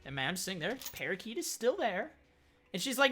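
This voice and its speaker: A man's voice: sits high, very animated, fairly quick, bright, forceful tone, soft background music. A young man streaming a game, telling a long joke in a rambling way and acting out the people in it. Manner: rambling joke-teller, acts out quoted voices. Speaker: gaming streamer. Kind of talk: casual storytelling while playing.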